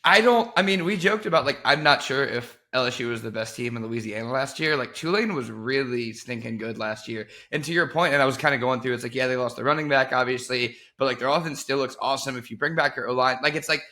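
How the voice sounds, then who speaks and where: A man co-hosting a sports podcast, animated and laughing through his casual points. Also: medium pitch, fast talker, hardly any pauses. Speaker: co-host.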